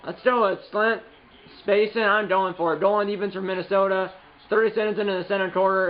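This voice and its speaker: A man giving rambling play-by-play commentary on his own video game, correcting himself often and bursting into excited calls. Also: high voice, a little fast, lo-fi sound. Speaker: gaming channel host. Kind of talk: play-by-play commentary while playing.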